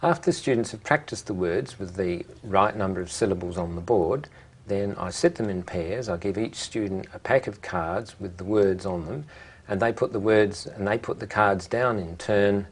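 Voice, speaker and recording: A language teacher with a low voice walks a class through syllable stress, pronouncing words slowly and carefully and quizzing students with brief questions.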